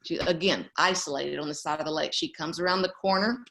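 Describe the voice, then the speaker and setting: A woman's voice: low-pitched, a little fast, gravelly, fairly bright tone. A middle-aged woman from East Texas, telling a family story as an interview guest. She tells it with animation and laughs often.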